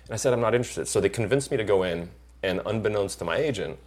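A middle-aged actor in casual chat, telling lively stories and acting out the people he quotes. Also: on the low side, fast talker. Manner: animated storyteller acting out quoted voices. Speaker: actor guest.

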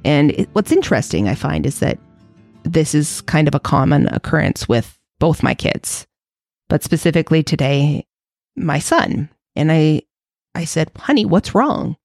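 Low, gravelly-voiced woman podcast host. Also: expressive, measured pace, darkish tone, no echo, studio quality, soft background music. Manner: candid, reflective, self-searching. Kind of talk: personal storytelling monologue.

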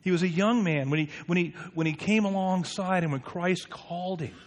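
A man delivers an earnest sermon as a pastor, his voice a bit high for a man. He asks his listeners questions and moves between hushed prayer and lively explanation. The sound carries a long reverb from a church hall. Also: normal speed.

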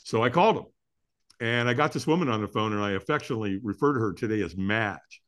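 A man's voice: lowish voice, lively intonation, quick pace, fairly bright tone. A middle-aged man, a podcast guest, telling a personal story candidly and with energy, often restarting his sentences.

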